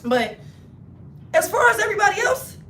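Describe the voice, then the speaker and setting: A woman livestreaming a casual storytime, animated and slangy, acting out her friends' voices as she talks. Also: very high voice, moderate pace, roomy sound, slight background noise. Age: adult, not in her twenties. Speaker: hairstylist livestreamer.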